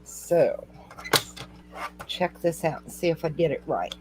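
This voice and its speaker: A woman's voice: deep voice, lively intonation, slow pace, background noise. A woman hosting a casual craft stream, chatty and encouraging as she talks through each step. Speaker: host. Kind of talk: casual chat during a craft demo.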